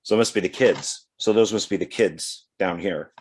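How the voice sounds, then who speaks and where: A man's voice: low voice, normal speed, hardly any pauses, breathy edge. A man casually talking through his DVD purchases, reading back covers aloud and chatting as he goes. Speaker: DVD collection vlogger. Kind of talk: casual unboxing commentary.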